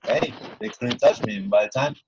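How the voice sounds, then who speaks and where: A man's voice: mid-range voice, moderate pace, lo-fi sound, background noise. A man earnestly telling a personal story in a casual, rambling way, often restarting his sentences.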